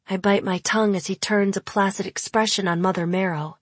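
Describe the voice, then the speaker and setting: A woman narrating a first-person audiobook in a measured, intimate manner. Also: mid-range voice, steady tone, husky, dry recording.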